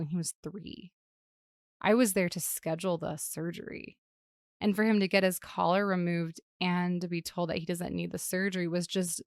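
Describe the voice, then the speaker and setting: A woman podcast host tells a personal story in a low voice with plenty of vocal fry. She is reflective and emotional, and her speech is full of "like" fillers. The recording is dry and close. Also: no room sound.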